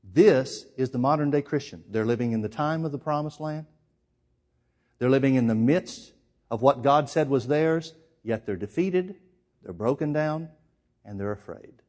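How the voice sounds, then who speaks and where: A man preaching a sermon, emphatic, firing rhetorical questions and swinging between loud and hushed. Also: medium pitch, normal speed.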